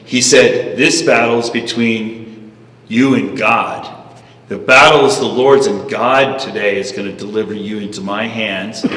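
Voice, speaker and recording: A man telling a rousing story to an audience, animated and preachy, heard from far off in a reverberant hall. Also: on the low side, a little slow. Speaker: speaker. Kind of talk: storytelling speech.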